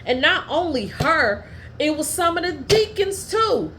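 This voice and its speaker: A woman hosting her own podcast, telling personal stories in a blunt, profane and heated way, at times dropping low and quiet. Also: sing-song, a little slow, slight background noise. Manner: drops low and quiet when telling family matters. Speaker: podcast host. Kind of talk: candid personal storytelling.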